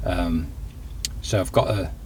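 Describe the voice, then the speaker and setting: A deep-voiced man speaks slowly in a slightly mellow tone, with a bit of background noise, while busking on a town street. The singer-songwriter chats in a friendly, rambling way to his camera and passers-by, mixing vlog talk with busking patter.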